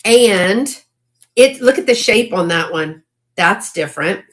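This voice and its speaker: A woman, hosting a casual live sale. She chats and exclaims over old items, and she reads faded handwriting aloud haltingly. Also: medium pitch, lively intonation. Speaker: online live-sale seller.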